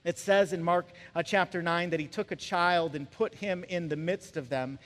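A man preaching a sermon in a conversational way, acting out quick voices of the people in his stories. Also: high voice, fairly bright tone. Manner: conversational, acts out voices of characters. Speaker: pastor. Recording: long reverb of a large hall.

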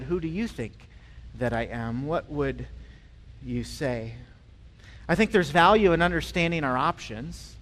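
A male pastor preaching a sermon in a conversational way, with frequent pauses and restarts. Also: on the high side, a bit bright, slight background noise. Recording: long reverb in a large hall.

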